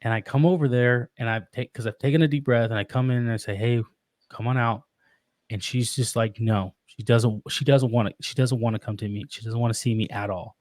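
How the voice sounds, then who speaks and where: A man talking as a podcast guest about being a father, earnest and reflective, often pausing and restarting his sentences. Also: medium pitch, steady tone, darkish tone, no echo. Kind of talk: casual interview.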